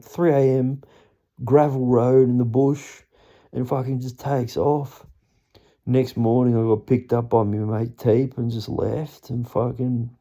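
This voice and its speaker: A man's voice: medium pitch, mellow, no echo. Sweary Australian man telling wild stories. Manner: blunt, sweary, rambling. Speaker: storyteller. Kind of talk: casual anecdote telling.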